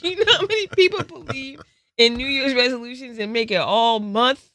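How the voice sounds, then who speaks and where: A man chatting casually as a podcast co-host, telling animated stories. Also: very high voice, normal speed. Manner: animated storyteller. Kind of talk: casual chat.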